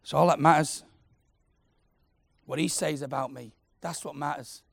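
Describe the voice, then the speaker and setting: A man preaching, passionate and personal, swinging from loud declarations to soft, intimate prayer. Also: a little high, fairly even intonation, measured pace, gravelly, no echo. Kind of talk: sermon.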